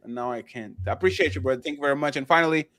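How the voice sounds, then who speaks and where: Male live-show host, casual and joking, stumbles and restarts a lot, mid-pitched voice, close and dry audio. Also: racing, fairly bright tone, dry recording. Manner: loose and joking, stammers through restarts, thanks viewers by name. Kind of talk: casual live-stream chat.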